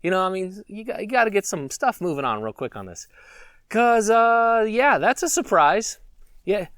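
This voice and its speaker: A man hosting a prepper channel rambles casually and chuckles between thoughts. His pitch swings widely, and his voice sounds close and dry. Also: big pitch swings, normal speed, a bit bright, dry recording. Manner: rambling, chuckling, musing aloud. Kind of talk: casual vlog monologue.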